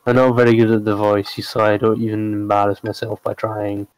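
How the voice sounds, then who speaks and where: A man in a relaxed, descriptive manner, narrating as game master of a tabletop game. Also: on the low side, fairly quick, smooth, no echo, poor audio.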